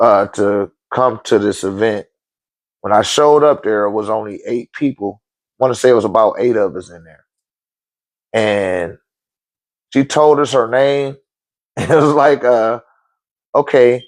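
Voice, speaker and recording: A man in his forties or older telling a story casually, swearing often, laughing, and acting out quotes in sudden high outbursts. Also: normal speed, no room sound. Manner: profane, animated, laughs often. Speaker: podcast host telling a story.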